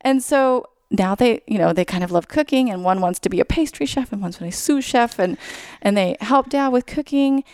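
A woman being interviewed as a school psychologist, talking casually and brightly, explaining ideas through everyday examples, with many "like"s and "you know"s. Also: a little high, normal speed, clean tone, no echo, clean studio sound.

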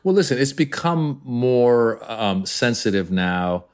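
Animated man telling comedy stories. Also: mid-range voice, takes it slowly, clear, resonant tone. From Iran. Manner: animated storyteller, jumps into voices. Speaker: comedian guest. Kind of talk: podcast interview.

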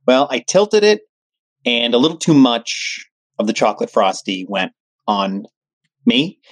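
A man, a workshop facilitator, telling a casual funny story with many filler pauses. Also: mid-range voice, sing-song, no room sound. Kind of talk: casual anecdote.

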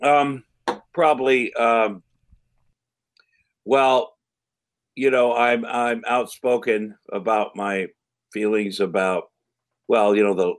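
A middle-aged man, an actor and comedian, answering interview questions in a halting way with many fillers and restarts. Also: medium pitch, steady tone. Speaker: podcast guest, actor and comedian.

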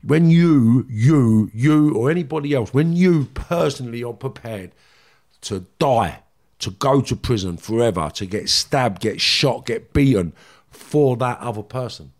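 A man's voice: mid-range voice, expressive, measured pace, a little mellow. A man, a guest in an interview, telling his story intensely, repeating himself, blunt and swearing. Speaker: guest, former criminal.

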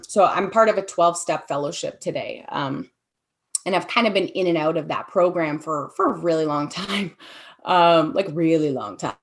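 A woman speaking candidly in an interview, talking haltingly with frequent fillers. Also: on the low side. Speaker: guest sharing her story. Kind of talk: personal testimony interview.

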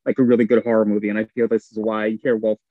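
A thoughtful man working through his ideas on a podcast panel, pausing often to find his words. His recording sounds dull and slightly lo-fi, and it is dry. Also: lowish voice, little pitch movement, no room sound. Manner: thoughtful, hesitant, many fillers. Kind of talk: casual discussion.

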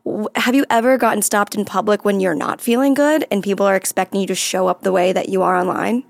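A woman's voice: mid-range voice, fast talker, creaky, dry recording, studio quality. A woman hosting a comedy advice podcast, chatting earnestly and openly about feelings. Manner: earnest, emotionally open, chatty. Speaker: podcast host. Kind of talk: casual chat.

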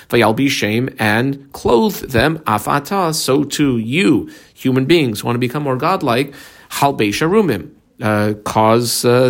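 A man teaching a Talmud class, reading each Hebrew or Aramaic phrase aloud and then explaining it in English. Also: medium pitch. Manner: guides students through marking the text.

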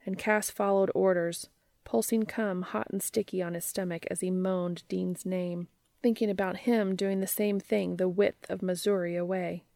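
A woman narrates an amateur audiobook softly and intimately. Her voice sits low with a gravelly fry. It is recorded close and dry, with no room sound at all. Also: fairly even intonation, normal speed, dry recording. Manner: soft, intimate storytelling.

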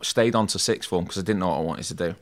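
A man with a low voice, talking easily and at length about his past. He fills his stories with "like" and "mate" and pokes fun at himself. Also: fast. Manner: chatty, self-deprecating, says "mate" and "like" a lot. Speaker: podcast guest, tattoo artist. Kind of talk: casual storytelling in an interview.

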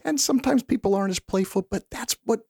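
A middle-aged man co-hosting a podcast, telling stories in a casual, animated way and acting out quoted lines. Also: high voice, quick pace, creaky, breathy edge, no echo, studio quality. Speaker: podcast co-host.

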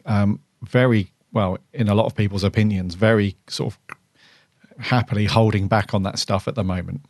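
A man's voice: on the low side, fairly even intonation, moderate pace, no echo, clean studio sound. A man co-hosting a podcast, chatting casually and giving his opinions with lots of fillers. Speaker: podcast co-host. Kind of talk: casual chat.

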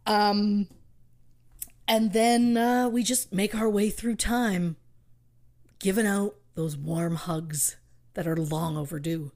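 A woman's voice: medium pitch, steady tone, takes it slowly, pauses often, darkish tone. A woman co-hosting a casual podcast, bantering in a playful, joking way. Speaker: podcast co-host.

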